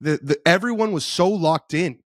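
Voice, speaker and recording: A man co-hosting a golf podcast, recounting an event quickly and enthusiastically in casual chat. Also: fairly high pitch, no echo, clean studio sound. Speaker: podcast co-host.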